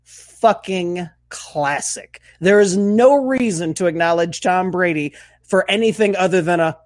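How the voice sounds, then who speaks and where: A man co-hosting a podcast, telling stories in casual banter with animated, profane delivery. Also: high-pitched, a little slow, no room sound. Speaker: podcast co-host.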